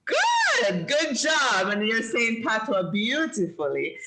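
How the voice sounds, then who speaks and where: A woman's voice: a little high, huge pitch swings, slow, very noisy. A woman hosting a live-streamed children's show over a video call, chatty and encouraging. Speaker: host of a kids' show.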